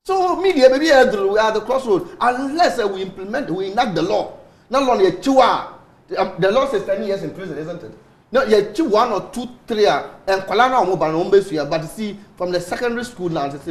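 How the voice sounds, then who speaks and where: A Ghanaian man speaks on a morning show panel in a high, swooping voice. He slips Twi phrases into his English. The studio is echoey. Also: expressive, a little fast. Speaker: studio guest.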